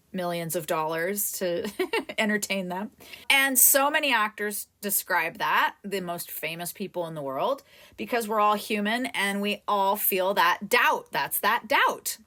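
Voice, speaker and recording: A woman acting coach leading a live coaching session, talking straight to a student in an animated way. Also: mid-range voice, unhurried. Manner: animated, talks directly to a student.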